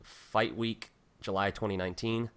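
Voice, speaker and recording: A man hosting a casual interview show, relaxed, laughing often and repeating words as he gets going. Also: on the low side, moderate pace, smooth. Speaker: podcast host.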